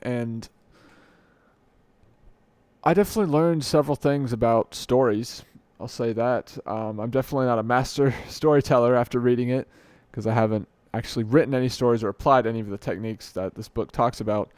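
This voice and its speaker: Speaking a little fast with a darkish, smooth tone, this young host wanders through his solo podcast without a script, fixing his own slips and teasing himself. His pitch is ordinary and middle. A desk mic in his dim home room at night captures close, dry sound with no echo.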